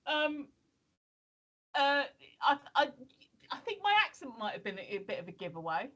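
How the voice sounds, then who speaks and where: Chatty woman, bright and lively. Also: sits high, normal speed, lo-fi sound. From England. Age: 50s. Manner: chatty storyteller, lots of ums and restarts. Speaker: co-host. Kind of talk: casual chat. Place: home, streaming.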